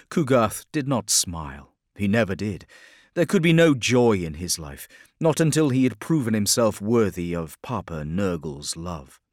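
A man narrating an audiobook in a measured, dramatic storytelling manner. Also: on the low side, no echo, studio quality.

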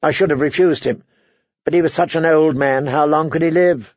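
A male narrator putting on a sharp, suspicious noblewoman, bitter and self-pitying, who wheedles one moment and pries the next. The voice sits a little high and clipped, heard dry and slightly dull, as in a close-miked audiobook recording. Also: moderate pace, no room sound, lightly acted.

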